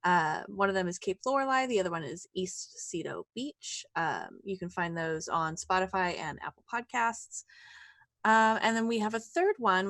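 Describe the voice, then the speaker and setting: A woman's voice: on the low side, creaky, fairly bright tone, no room sound. A woman talking casually as a tabletop game player, hesitating often with "um.". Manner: hesitant, with many "um" fillers. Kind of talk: casual chat.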